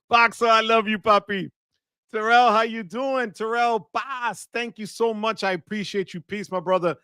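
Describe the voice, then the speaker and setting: A chatty man hosts a live stream from his studio, his voice sitting high for a man and a bit off from allergies. He greets viewers by name and drops Spanish words as he goes. The sound is close and dry, with no room around it. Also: fairly even intonation, moderate pace, pushed and bright, clear, resonant tone, no echo. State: voice affected by allergies. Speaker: host of a live credit card show. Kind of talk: casual livestream chat. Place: home studio. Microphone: close studio mic.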